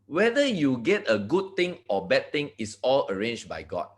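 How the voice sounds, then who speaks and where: Man, from Malaysia, motivational speaker, very lively pitch, mid-range voice, talks to the audience directly, repeats words and restarts. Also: moderate pace. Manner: addresses audience directly, asks for agreement. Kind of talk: motivational talk to an online group.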